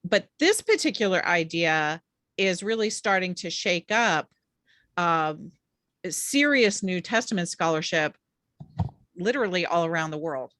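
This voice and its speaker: A woman hosting an interview over a video call, framing questions in a measured way. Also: on the low side, expressive, a bit bright, dry recording, clean studio sound. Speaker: host. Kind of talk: interview conversation.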